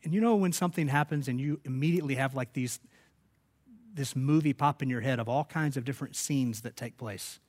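A man's voice: medium pitch, brisk, darkish tone. A man preaching a sermon, telling stories and rising to emphatic peaks. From United States. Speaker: pastor.

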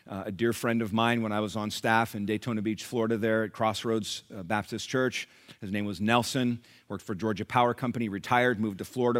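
A man preaching a sermon, dropping to a hush and then rising loud and fervent, acting out the people in his stories. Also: medium pitch. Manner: swings from hushed to loud and fervent; acts out quoted people in raised voices. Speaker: pastor.

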